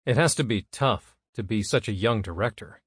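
A man's voice: lowish voice, animated, moderate pace, a bit bright, breathy edge, dry recording, clean studio sound. A man voicing a jovial male ER nurse who teases a coworker. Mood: teasing.

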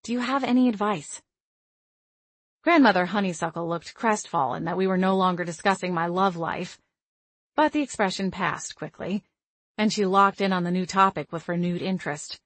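A woman reading a first-person audiobook with wry, expressive delivery. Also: lowish voice, moderate pace, no echo. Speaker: audiobook narrator.

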